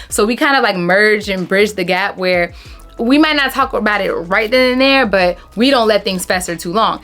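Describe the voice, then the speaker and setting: A woman in her thirties talking casually to camera, giving relationship advice in an animated, emphatic way and calling her viewers honey. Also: mid-range voice, brisk, soft background music.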